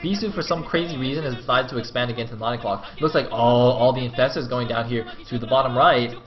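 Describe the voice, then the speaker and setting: A man casting a video game match live, excitable and swearing freely, breaking into laughing shouts. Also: mid-range voice, fast. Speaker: esports caster. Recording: echoey room, dull lo-fi sound.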